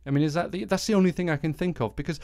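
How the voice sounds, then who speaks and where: A man's voice: a little high, rapid-fire, darkish tone, dry recording. A British man in his forties hosting a solo podcast, ranting with exasperation and frequent swearing. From Britain. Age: 40s. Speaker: podcast host.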